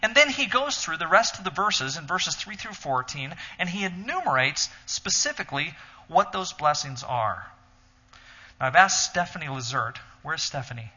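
A bright, slightly husky male voice teaching with steady emphasis, as if at a lectern. His words ring out with a long hall reverb, and the recording sounds a bit dull and muffled. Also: fairly high pitch, moderate pace. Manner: earnest, emphatic, explains step by step. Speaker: teacher leading a Bible study. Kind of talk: teaching sermon.

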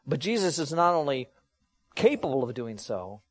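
A man preaching a sermon to a congregation, teaching with lively emphasis and dropping to hushed low tones. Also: normal speed. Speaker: pastor.

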